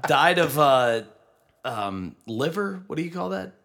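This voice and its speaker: A man's voice: fairly high pitch, sing-song, unhurried. A man in casual chat, brash and swearing often, arguing his point hard. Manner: brash, profane, argues loudly.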